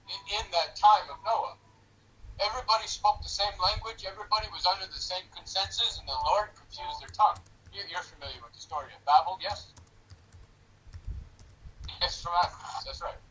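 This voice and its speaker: A man's voice: high voice, a little fast, bright, forceful tone, recorded from a distance, highs cut off, a little hiss or hum. Drunk, preachy Canadian man ranting. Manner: preachy, rambling, repeats himself for emphasis. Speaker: stranger on a video chat. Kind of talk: rambling monologue to a stranger. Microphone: webcam mic.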